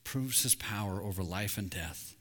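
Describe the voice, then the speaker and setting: Bright-voiced man preaching in a reverberant sanctuary. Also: on the low side, moderate pace, slight background noise. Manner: candid, intense preaching with confessional asides, dropping to a hush on key words. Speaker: pastor. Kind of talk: sermon. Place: church sanctuary. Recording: long hall reverb.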